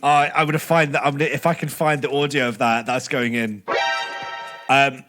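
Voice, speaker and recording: Man reading stories deadpan. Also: medium pitch, normal speed, over music. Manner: deadpan reading, breaks into laughter. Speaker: podcast co-host reading listener stories. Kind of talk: casual comedy podcast chat.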